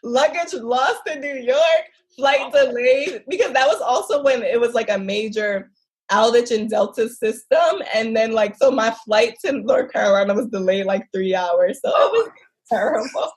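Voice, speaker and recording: Animated woman telling travel stories. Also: a little high, normal speed. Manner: animated, expressive, laughs often. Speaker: travel guest. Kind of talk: casual interview storytelling.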